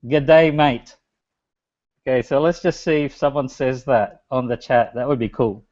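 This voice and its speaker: A man's voice: mid-range voice, brisk, a little mellow. A man, giving a loose, chatty webinar talk as a guest speaker and speaking to an online chat. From Australia. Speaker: guest speaker, business strategist. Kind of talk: webinar presentation. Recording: dull lo-fi webinar audio.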